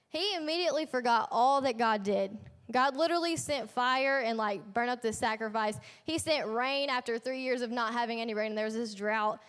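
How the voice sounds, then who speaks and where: A woman's voice: on the high side, a bit bright. Chatty young woman preaching in an echoey hall. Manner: chatty, slangy storytelling with playful asides. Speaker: youth ministry leader. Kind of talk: casual youth sermon.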